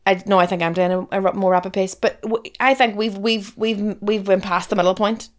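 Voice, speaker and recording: A woman's voice: medium pitch, fairly even intonation, fairly quick. A woman in her thirties with a Northern Irish accent, co-hosting a podcast, talking frankly with lots of restarts and swearing. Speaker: podcast co-host, comedian. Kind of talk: casual chat.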